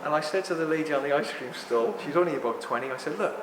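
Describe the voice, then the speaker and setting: A man in his sixties talking to a live audience in a rambling, animated way, often apologizing for ranting. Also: a little high, fast, noisy background. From England. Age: 60s. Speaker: speaker at a talk. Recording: echoey hall with long reverb.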